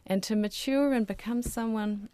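A woman with a fairly high, clear, resonant voice appears as a guest expert on raising children, giving earnest interview answers at a normal speed. She explains things carefully and softens into quiet voices when quoting parents, and the recording has no room sound.

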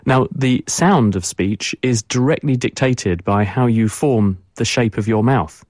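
A man's voice: medium pitch, a little slow, a little mellow, no echo, studio quality. A man, a science expert guest on a radio show, explaining fluently and repeating words for emphasis.

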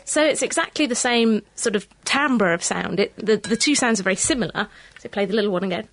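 A woman's voice: mid-range voice, fairly quick, background noise. A woman co-presenting on radio, chatty and upbeat as she demonstrates instruments in the studio.

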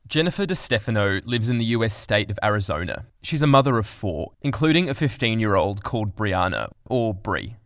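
A man hosting a news podcast, reading scripted narration in a measured, grave way. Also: lowish voice, very animated, a bit bright, dry recording, studio quality. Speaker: podcast host.

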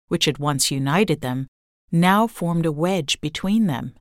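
Low, dry-voiced woman narrator for a measured long-form essay reading. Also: dry recording. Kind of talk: scripted narration.

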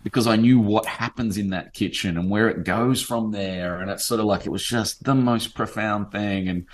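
Deep-voiced Australian man telling stories. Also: moderate pace. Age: 40s. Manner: animated, rambling storyteller, full of fillers. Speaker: novelist guest. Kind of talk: casual interview chat.

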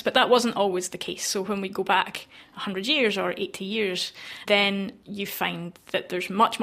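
A woman's voice: medium pitch, a bit bright. An American woman, a linguistics researcher, explains her work patiently in a radio interview and laughs lightly between points.

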